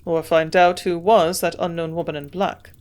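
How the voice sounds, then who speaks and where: A woman's voice: on the low side, flat delivery, moderate pace, a little mellow, lightly acted. A woman voicing a curious young male doctor who keeps pressing with questions, in her own everyday voice.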